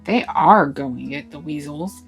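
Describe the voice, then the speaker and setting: A woman voicing a steady, commanding old male badger in a storybook, speaking placidly. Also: deep voice, unhurried, soft background music. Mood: placid firm.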